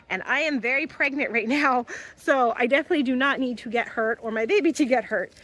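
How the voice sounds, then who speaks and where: A woman's voice: high voice, a bit bright. A young woman vlogging on her farm, chatting casually as she works outdoors in a pasture and calling her cattle in a sing-song voice. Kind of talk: casual chat while doing farm chores.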